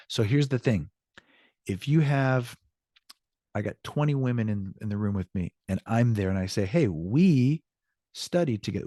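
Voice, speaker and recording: Older male teacher, low-ish voice, chatty explainer, dry sound. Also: darkish tone, dry recording. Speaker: Spanish teacher. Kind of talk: classroom lesson.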